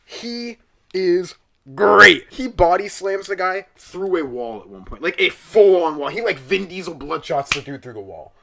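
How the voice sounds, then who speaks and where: Here the young podcaster sounds high and creaky, speaking a bit slowly while a crowd murmurs behind him. He rants comically about a movie, swearing freely and exaggerating as he tells it with gusto.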